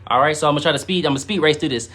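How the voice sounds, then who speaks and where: A man hosts a spiritual live stream, teaching casually and reading chat comments, animated and full of fillers with sudden loud, emphatic bursts. His voice is fairly high and his delivery rapid-fire.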